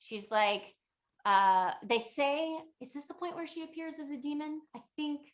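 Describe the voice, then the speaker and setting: A woman's voice: sits high, moderate pace. Give me a chatty woman teacher casually retelling an old legend. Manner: chatty, lots of "like" and fillers, lively retelling. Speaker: yoga and meditation teacher. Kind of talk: casual spoken storytelling.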